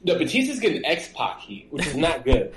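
A man co-hosting a casual wrestling podcast, talking in an animated way and acting out quotes in a high mocking voice. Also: normal speed, reverberant, background noise. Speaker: podcast co-host.

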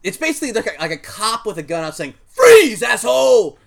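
A man playing a tabletop role-playing game, talking excitedly and rambling through his character's actions. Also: a little high, very fast. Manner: excited, rambling, self-correcting. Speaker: player. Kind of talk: tabletop role-play chat.

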